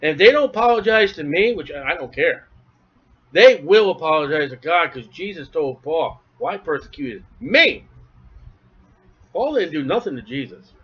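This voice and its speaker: A man preaching a sermon with a high, lifted voice, reading scripture slowly and then breaking into quick animated asides. The recording is dull and lo-fi. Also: husky. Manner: animated, acts out imagined voices, asides to the congregation. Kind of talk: expository sermon.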